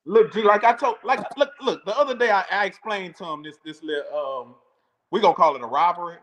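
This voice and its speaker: A man co-hosts a casual sports podcast, his voice sitting fairly high. He trash-talks rivals playfully and says his points again and again. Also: fast, a bit bright, rough recording. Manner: playful trash talk, insistent repetition. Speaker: podcast co-host.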